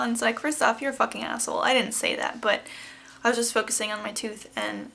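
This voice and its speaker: A woman's voice: on the high side, fairly even intonation, fast talker, creaky, sharp tone. A woman in her twenties, talking candidly and emotionally to camera as she retells a personal story. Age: 20s. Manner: candid, emotional, quoting others in retold dialogue. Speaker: vlogger.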